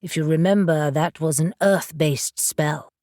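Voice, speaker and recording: A calm male witch from an audiobook, speaking low and steady as he works through a problem, as a woman narrator puts him on. The voice sits deeper than her own, with a measured, explanatory manner. The recording is dry and close. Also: dry recording. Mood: focused. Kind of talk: audiobook character voice.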